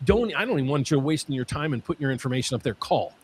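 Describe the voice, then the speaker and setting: A man hosting a mortgage Q&A stream, talking in an excitable way and often repeating his words. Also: mid-range voice, rapid-fire, husky. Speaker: mortgage lender host.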